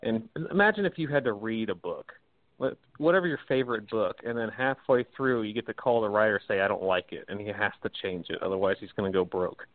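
A man in casual podcast talk as a wrestling insider, venting about fans in an animated way, laughing often. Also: on the low side, brisk, no room sound. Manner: animated, mocks fans in exaggerated quoted voices, laughs often. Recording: dry, tinny phone-like sound.

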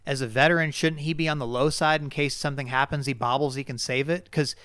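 Smooth-voiced man talking casually. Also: mid-range voice, fairly even intonation, fast, a bit bright, no echo. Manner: rambling, hedging with fillers and restarts. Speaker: podcast co-host. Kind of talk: casual sports chat.

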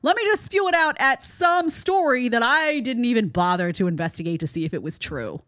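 A woman's voice: a little high, animated, fairly quick, a bit bright, dry recording. A woman hosting a podcast, giving opinionated commentary in a sarcastic tone and mocking people with impressions, recorded on a studio mic. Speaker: podcast host. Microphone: studio microphone.

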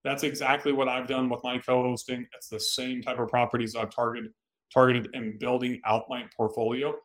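A man talks straight into the mic on his own podcast, coaching listeners in a direct, plain-spoken way. His voice sits at an ordinary middle pitch, neither low nor high. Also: little pitch movement, normal speed, a bit bright. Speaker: podcast host. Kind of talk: solo podcast advice talk.

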